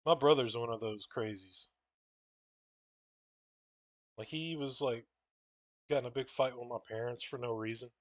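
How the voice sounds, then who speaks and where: A man's voice: medium pitch, a little fast, dry recording. A young man, rambling casually and swearing while he draws a comic page and tells stories. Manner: rambling, profane, says "bro" and "dude" a lot. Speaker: comic artist drawing on stream. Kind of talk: casual storytelling while drawing.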